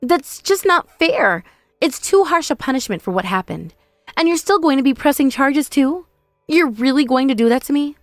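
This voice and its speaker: A woman's voice: high-pitched, lively intonation, moderate pace, no room sound, studio quality, faint music behind. Woman voicing a desperate, pleading sister-in-law. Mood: protesting. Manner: pleading, whiny, self-pitying. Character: desperate, remorseful sister-in-law begging forgiveness.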